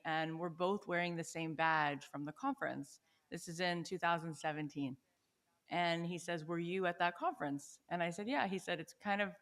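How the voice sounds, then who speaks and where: A woman in her forties from the United States, with a lowish voice, guests on a podcast interview. She tells personal stories animatedly and enthusiastically, often checking in with "right?"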